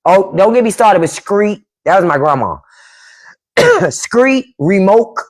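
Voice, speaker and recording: A woman hosting a casual livestream chat with viewers, animated, laughing often and mimicking family speech. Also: fairly low pitch, a little slow. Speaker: podcast host on a livestream.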